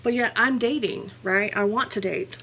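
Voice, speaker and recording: A woman's voice: mid-range voice, moderate pace, a bit bright, a little hiss or hum. A young woman talks candidly in a personal vlog. She rambles and corrects herself. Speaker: vlogger.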